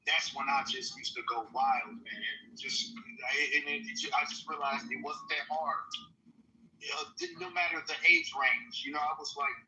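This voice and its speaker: A man's voice: a little high, animated, moderate pace, gravelly, pushed and bright, distant mic, muffled recording, a little hiss or hum. Man rambling loosely, mic set back. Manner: loose, rambling, slangy storytelling. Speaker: podcast host. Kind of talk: casual candid chat.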